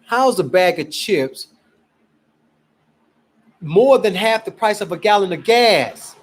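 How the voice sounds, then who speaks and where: Man, husky high voice, lively and unhurried, emphatic pitchman. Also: low-quality recording. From Cleveland, Ohio. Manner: emphatic, exasperated, animated preaching. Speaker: gold promoter. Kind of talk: casual selling pitch to camera.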